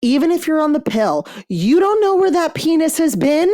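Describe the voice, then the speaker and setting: A woman's voice: high-pitched, big pitch swings, moderate pace, mellow. A woman hosting a book club podcast, chatting casually in a blunt, profane way. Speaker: podcast host.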